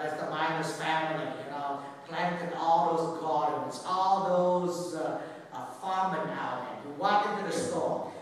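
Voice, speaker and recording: Joking priest in an echoey church. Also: male voice, fairly high pitch. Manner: animated, joking, teasing, restarts words. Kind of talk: homily. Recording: echoey church hall from far off.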